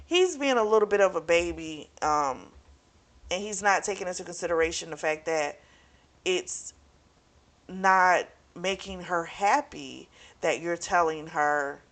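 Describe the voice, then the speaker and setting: A young woman casually recapping and reviewing a romance novel, chatty and frank, swearing freely and talking straight to her viewers. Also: fairly low pitch. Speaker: book club vlogger.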